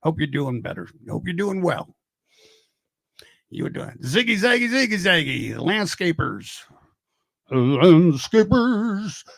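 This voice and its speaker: A man's voice: fairly high pitch, sing-song, normal speed, gravelly, bright, forceful tone, dry recording. An older man hosting a casual livestream, rambling, joking and greeting viewers by name. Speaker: livestream host.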